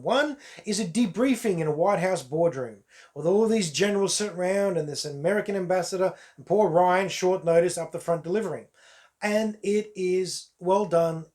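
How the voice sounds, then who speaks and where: A man's voice: high-pitched, darkish tone. A man, chatting through a casual solo film review to his viewers, emphatic and repeating words for stress. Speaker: movie reviewer.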